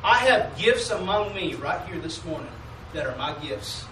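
A high-pitched male pastor delivers a homey sermon, pausing often to draw "Amen" from the congregation. His voice echoes around a church sanctuary, heard from a little way off the mic. A faint room hum runs underneath. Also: lively intonation, recorded from a distance. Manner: preaching call-and-response, asking "Amen?"; drawls mock King James commandments slowly.

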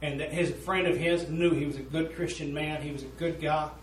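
A man's voice: on the high side, fairly even intonation, brisk, a little hiss or hum. A man preaching a sermon, telling a story in an earnest, folksy way. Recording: roomy echo, voice from a distance.

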